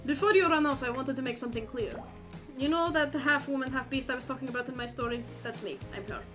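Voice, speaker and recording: Woman doing a Russian accent, game huntress killer, coy and menacing, high-pitched, music underneath. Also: fast talker, natural voice. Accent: put-on Russian.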